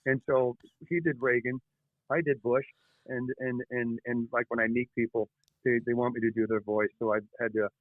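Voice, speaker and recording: A man, the guest author, telling animated stories in an interview, halting and restarting often. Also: mid-range voice, no echo. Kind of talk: storytelling interview chat. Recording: tinny phone-like line.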